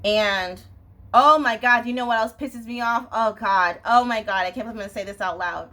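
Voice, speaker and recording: A woman's voice: on the high side, brisk, pushed and bright. A young woman venting in a casual, exasperated rant to camera, swearing and often asking "you know what I'm saying". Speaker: vlogger.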